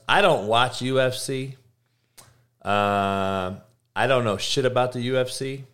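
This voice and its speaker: A man hosting his own podcast speaks slowly in a medium-pitched, clean, slightly bright voice. His solo rant is blunt and heated, laced with swearing, rambling, and restarted sentences.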